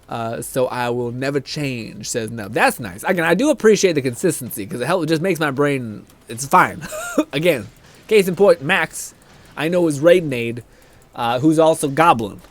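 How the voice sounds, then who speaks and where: A man's voice: medium pitch, expressive, normal speed. A young man streaming live, chatting casually, reading chat aloud, laughing often and swearing freely.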